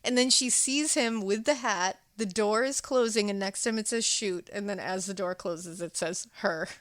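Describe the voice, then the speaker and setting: A woman's voice: medium pitch, moderate pace, no echo, clean studio sound. Chatty woman recapping a horror movie. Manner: animated, chatty retelling with laughs and acted-out quotes. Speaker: podcast co-host. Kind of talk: casual chat recapping a movie.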